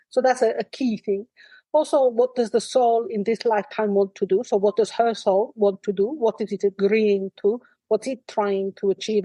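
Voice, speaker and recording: A woman channelling an ancient, wise spirit in trance, speaking in a calm, measured and dryly wry way, at times in a soft, breathy near-whisper. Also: mid-range voice, no room sound, lightly acted, rough recording. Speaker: trance medium.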